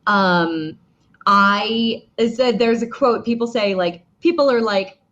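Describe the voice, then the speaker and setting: A woman voice actor talking casually in an interview, chatty with many fillers and restarts, with a slightly rough morning voice. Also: mid-range voice, slow pace, a bit bright, muffled recording. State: morning voice, clearing throat. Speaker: voice actor guest.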